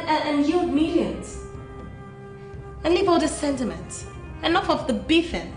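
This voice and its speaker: An actress playing a wealthy, quick-tempered businesswoman who talks in a bossy, dramatic way. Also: a little high, close to an everyday voice. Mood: persuasive. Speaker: boss. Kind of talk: web skit acting.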